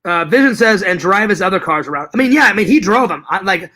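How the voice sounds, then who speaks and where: A man hosting a live stream talks with a high, bright voice. He chats casually, answering his viewers' messages. His talk is animated and full of swearing, and he often says the same line twice. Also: fast. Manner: animated, profane, repeats himself. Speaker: live stream host reading chat.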